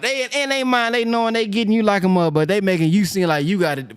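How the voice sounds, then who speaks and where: A man hosting a phone-in study call, animated and exclaiming often. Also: high-pitched, quick pace, hardly any pauses, clear, resonant tone. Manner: animated, exclaims often, slips into skits of a pawnbroker. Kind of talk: casual call-in discussion.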